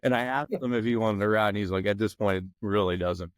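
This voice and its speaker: Speaking fast in a fairly low, clear, resonant voice with no echo, a man in his forties guests on a podcast. He's a former football player from the McKeesport area of Pennsylvania, chatting loosely and rambling with frequent "you know what I mean" fillers.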